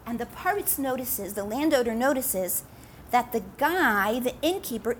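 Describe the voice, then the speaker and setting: Animated woman storyteller, high voice. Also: unhurried, slight background noise. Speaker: speaker addressing women. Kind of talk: religious storytelling talk.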